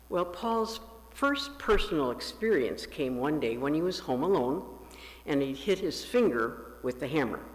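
A male pastor telling a story during a sermon, raising his pitch when he quotes the characters. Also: long reverb tail. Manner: slow, lifts his pitch for quoted voices. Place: church sanctuary.

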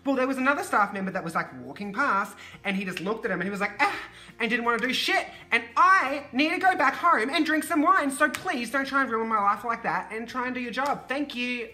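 A woman from Australia with an Australian accent, telling a storytime on her vlog with animated, profane ranting. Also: on the high side, brisk, few pauses. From Queensland, Australia. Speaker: vlogger.

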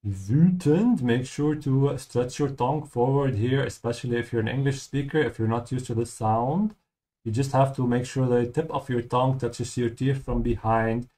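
A man teaching German through a game playthrough, patiently explaining words and repeating them slowly. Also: medium pitch, fairly even intonation, dark tone. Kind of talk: game playthrough language lesson.

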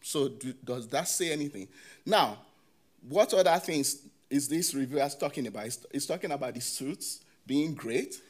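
A man presenting academic research at a conference, talking in a halting way with many "you know" fillers and restarts, and putting questions to the audience. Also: mid-range voice, lively intonation.

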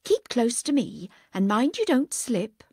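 A woman reading the part of a frail, pious old grandmother with a soft, hushed, anxious manner, slow and breathy. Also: fairly high pitch, sing-song, dry recording, clean studio sound, voice pushed up, heavily acted.

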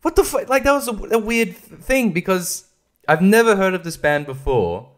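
A man's voice: high voice, very animated, moderate pace. Man, young, solo podcast host: loose, profane rambler who laughs a lot. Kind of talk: casual chat.

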